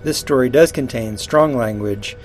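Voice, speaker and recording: A man's voice: mid-range voice, normal speed, faint music behind. A man hosting a fiction podcast, giving a casual, wry intro and announcements. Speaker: podcast host.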